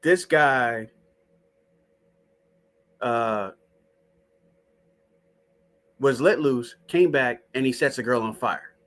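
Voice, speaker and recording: A man's voice: medium pitch, very slow, long pauses, fairly bright tone, faint music behind. A man hosting a casual stream, talking to his chat in a profane, skeptical way. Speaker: show host. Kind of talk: casual live-stream talk.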